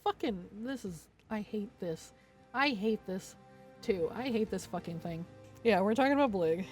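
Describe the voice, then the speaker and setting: A woman's voice: medium pitch, animated, normal speed, darkish tone. A young woman streamer ranting at length, swearing a lot and making sarcastic, petty jabs. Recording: faint music behind.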